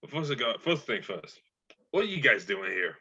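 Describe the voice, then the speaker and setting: A man's voice: mid-range voice, sing-song, normal speed, bright, forceful tone, husky. A man playing a tabletop game, improvising in character with rambling, stumbling lines. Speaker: player. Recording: dull lo-fi audio.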